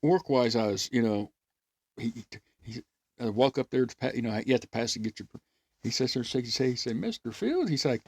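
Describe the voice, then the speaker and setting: A man's voice: medium pitch, brisk, no room sound. A man telling stories in casual chat, acting out voices and laughing often. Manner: animated storyteller, acts out voices, laughs often. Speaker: podcast host.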